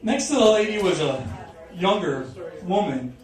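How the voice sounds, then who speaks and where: A man's voice: sits high, very animated, measured pace. A young man doing stand-up, telling a rambling story full of swearing and laughing through his punchlines. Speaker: stand-up comedian. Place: comedy club stage. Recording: roomy, distant mic, audience noise. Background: audience in a club.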